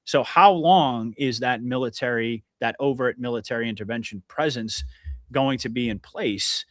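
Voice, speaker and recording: A man hosting a conversational podcast, earnest and emphatic, often restarting his sentences. His voice sits at an ordinary middle pitch. The recording is close and dry, with no room sound. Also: normal speed, dry recording. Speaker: podcast host. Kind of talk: casual conversational interview.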